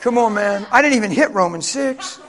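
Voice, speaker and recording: A man's voice: extremely high pitch, animated, a little fast, a crowd in the background, noisy background. A male pastor giving a passionate, conversational sermon with casual asides.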